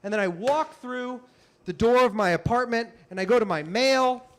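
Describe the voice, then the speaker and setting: A young man telling a comic story on stage, animated and breaking into loud shouted bits. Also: extremely high pitch, moderate pace. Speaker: comedian. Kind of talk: stand-up storytelling.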